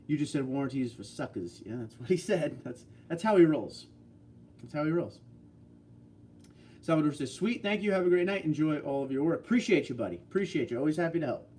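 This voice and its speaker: A man's voice: medium pitch, darkish tone. A man from New York hosting a casual livestream, reading out viewer comments and bantering back.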